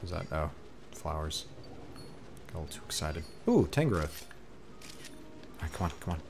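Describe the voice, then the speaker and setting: A man playing a photo game and giving casual commentary, talking excitedly to the creatures on screen. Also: a bass voice, moderate pace, vocal fry. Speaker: gaming streamer. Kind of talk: casual let's-play commentary. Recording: faint game music behind. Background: faint game music.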